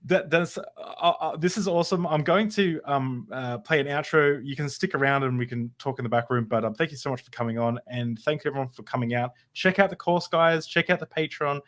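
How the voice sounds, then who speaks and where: A man's voice: fairly high pitch, fairly bright tone. Guy hosting a podcast, laughs a lot, lots of ums n uhs. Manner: laughs often, halting with many fillers. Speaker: podcast host. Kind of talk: casual interview chat.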